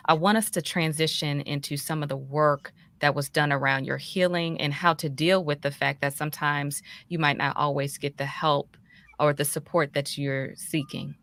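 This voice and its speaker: A woman host gently guiding an interview toward the next topic. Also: deep voice, steady tone, moderate pace, dry recording. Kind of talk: interview hosting.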